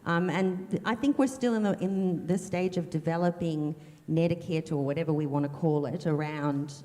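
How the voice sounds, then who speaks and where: A woman with a fairly low voice moderates a live onstage conversation in a chatty, easy manner. Her words ring with the long reverb of a large auditorium. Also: steady tone, moderate pace, mellow. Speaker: event moderator.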